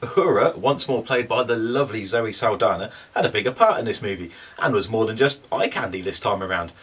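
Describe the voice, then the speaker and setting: Husky man chatting about films. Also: lowish voice, a little fast, a bit bright, far from the mic. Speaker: film review co-host. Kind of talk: casual film review chat.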